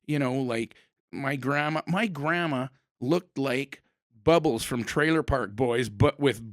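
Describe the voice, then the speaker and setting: A man's voice: medium pitch, slow pace, dry recording, clean studio sound. A middle-aged man hosting a podcast, rambling and telling stories in a casual, self-interrupting way. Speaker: podcast host.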